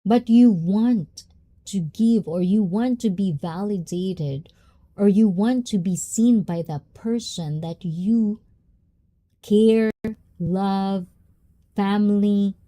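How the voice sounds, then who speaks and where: A woman hosting a casual live-stream chat, talking in a reflective, drawn-out way with many fillers and asides to her viewers. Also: mid-range voice, dark tone. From Japan. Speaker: host.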